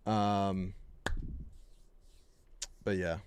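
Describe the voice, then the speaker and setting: A man chatting casually on a live stream, telling rambling, jokey stories and dropping into quick put-on voices. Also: deep voice, level tone, a little mellow, a little hiss or hum.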